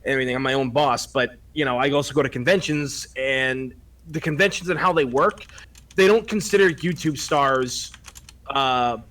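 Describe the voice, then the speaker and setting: A man's voice: medium pitch, moderate pace, a bit bright, distant mic. A man with a Boston accent, co-hosting a casual podcast chat, joking and rambling. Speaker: podcast co-host.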